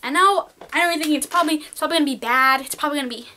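A woman's voice: high-pitched, very fast, bright, forceful tone, a little hiss or hum. A teenage girl giving casual, peppy, encouraging art advice straight to her viewers. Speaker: art vlogger. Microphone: camcorder mic.

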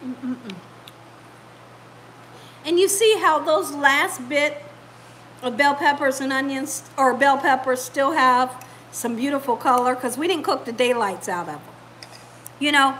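A woman hosts a casual home cooking video, chatting to viewers from her kitchen like a storyteller. She speaks a little slowly in a high, slightly bright voice with long pauses, and the rough recording has a little hiss or hum.

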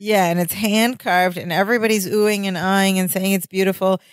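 A woman's voice: mid-range voice, fairly even intonation, no room sound. A woman co-hosting a podcast, chatting casually as she recaps a sitcom episode. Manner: chatty, fillers and quick asides. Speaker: podcast co-host.

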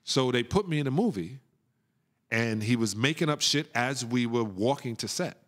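A middle-aged man, a guest on a podcast, telling stories in an animated way, laughing often and acting out the people he quotes. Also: mid-range voice, normal speed. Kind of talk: storytelling in a podcast interview.

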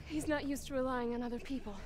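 A woman's voice: high voice, fairly even intonation, fast talker, natural voice. An actress voicing a frightened young village woman who pleads anxiously in video game dialogue. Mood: worried.

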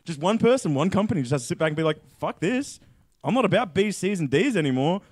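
An Australian man chatting in an animated way over beers and swearing freely. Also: high voice, fast talker, no echo, studio quality. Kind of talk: casual chat over beers.

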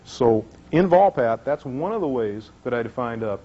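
Brief: man, mid-pitched, chatty seminar speaker who restarts sentences; dull lo-fi recording. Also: expressive, normal speed, mellow, husky. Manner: conversational, repeats words, restarts often. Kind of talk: live seminar talk.

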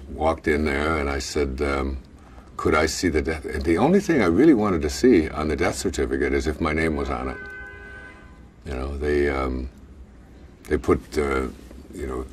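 A man casually recounting a personal story, halting and restarting with many fillers and little chuckles. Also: a bass voice, distant mic, a little hiss or hum.

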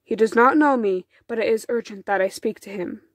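A man's voice: high voice, brisk, no room sound. A woman voicing a worried, devoted village cobbler and father, speaking earnestly in a storybook reading. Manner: earnest, pleading.

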